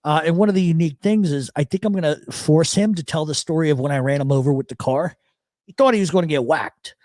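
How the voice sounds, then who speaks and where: A man's voice: a little high, fast talker, no echo, studio quality. A man hosting a live radio chat show, telling stories and reading chat messages aloud, heavy on profanity. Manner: profane, storytelling, animated.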